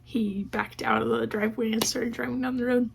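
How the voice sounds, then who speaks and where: A woman's voice: fairly high pitch, little pitch movement, brisk, gravelly, slight background noise. A woman vlogger talking casually about her own life, acting out what people said with many "like"s. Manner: conversational, acts out quoted dialogue with many "like"s. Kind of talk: casual personal storytelling.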